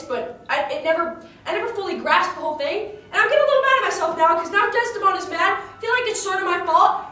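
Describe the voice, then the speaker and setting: A woman's voice: sits high, bright, forceful tone. A woman telling a story in character in a chatty, indignant way, full of fillers and restarts. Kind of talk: in-character monologue retelling a tragedy. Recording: echoey room, distant mic, faint ambience.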